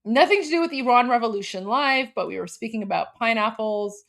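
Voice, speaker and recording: A chatty Canadian woman hosting a casual livestream. Her voice sits high, and she keeps filling her talk with "like" and little acted-out quotes. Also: animated, brisk, vocal fry, fairly bright tone. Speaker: livestream host. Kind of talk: casual chat.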